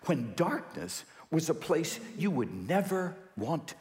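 Animated pastor in his thirties, raised pitch, sermon in a reverberant hall. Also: takes it slowly. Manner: animated storyteller acting out dialogue. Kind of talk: sermon with personal story. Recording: echoey hall with long reverb.

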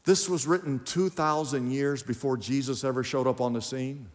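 A man's voice: mid-range voice, steady tone, normal speed, in a large hall. A man preaching a sermon in a church, emphatic and questioning the congregation directly. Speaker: pastor. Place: church sanctuary.

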